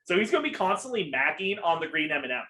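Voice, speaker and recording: Young male podcast co-host, slightly high, rambling, profane, filler-heavy. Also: very animated, fast, bright, forceful tone, low-quality recording. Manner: rambling, profane, with many ums. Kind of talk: casual chat.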